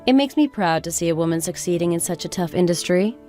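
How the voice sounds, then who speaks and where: A woman playing a sharp-tongued, scornful older mother-in-law who talks in a sarcastic, scolding way. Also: fairly low pitch, animated, fast talker, natural voice. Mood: flattering. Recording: faint background music.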